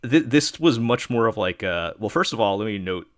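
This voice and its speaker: Low-voiced guy from new york, rambly podcast chat, dry close mic. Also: expressive, a little fast, no room sound. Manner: rambling, many fillers and restarts. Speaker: podcast host. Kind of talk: casual chat.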